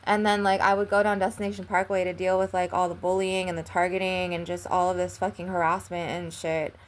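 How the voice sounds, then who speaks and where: A young woman with a slightly low voice tells a story to her viewers. She rambles and leans hard on "like". Her swearing runs all through it. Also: flat delivery, brisk. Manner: rambling, heavy use of "like", frequent swearing. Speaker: vlogger. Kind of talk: casual storytelling.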